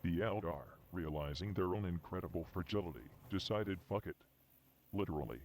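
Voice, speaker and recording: A man's voice: fairly quick, darkish tone, close to an everyday voice. A man playing a stern, all-knowing emperor in scripted comedic narration, dry and profane. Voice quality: deep, dry, profane and sardonic. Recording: clear background noise.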